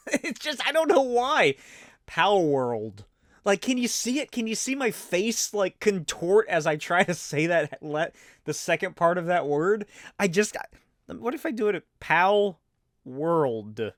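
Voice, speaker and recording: A man's voice: high voice, a little slow, fairly bright tone, no echo, clean studio sound. A man in his thirties chatting casually and rambling as host of a solo show, swearing and laughing often. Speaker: podcast host.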